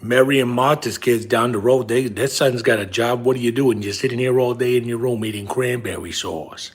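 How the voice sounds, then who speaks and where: A man doing a husky nagging bus-driver dad. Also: mid-range voice, normal speed, close to an everyday voice. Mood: scolding. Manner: scolding, repetitive, drops to hushed whispers. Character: nagging middle-aged father, bus driver, big-nosed. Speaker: comedian. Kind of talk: comedy character monologue.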